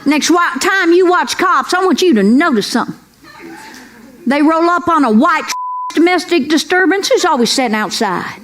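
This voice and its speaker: An older woman doing a stand-up comedy set, a drawling storyteller who breaks into high-pitched character bits. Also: animated, moderate pace, a bit bright. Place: comedy club stage before a laughing audience. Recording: roomy club sound with audience noise.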